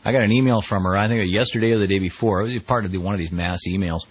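A man's voice: on the low side, racing, husky, no echo, highs cut off. A middle-aged man hosting a radio talk show, giving wry, conversational commentary on the news. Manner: wry, conversational, quotes people in mock voices.

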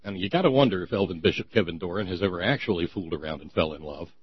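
Sarcastic male host of a satire segment; husky voice, close dry mic. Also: deep voice, racing, no room sound, lo-fi sound. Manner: sarcastic, mocking, stumbling restarts. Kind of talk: satirical comedy monologue.

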